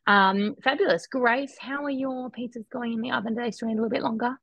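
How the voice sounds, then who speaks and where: A woman's voice: a little high, fairly even intonation, fast talker, vocal fry, fairly bright tone, no room sound. A woman hosting a live online cooking demo in an upbeat, chatty way. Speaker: cooking class host. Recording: dry, dull lo-fi sound.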